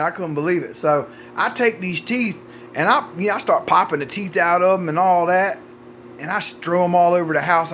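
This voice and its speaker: A man's voice: fairly high pitch, fairly bright tone, slight background noise. A man, telling a story in a casual, profane, folksy way. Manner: folksy, profane, drawling with repeated "buddy" and "man".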